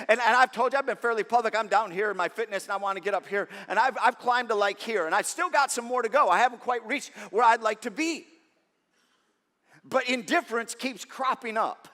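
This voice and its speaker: A middle-aged man preaching a sermon as pastor, conversational and animated, with self-deprecating stories. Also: sits high. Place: large church auditorium. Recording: long reverb of a church hall.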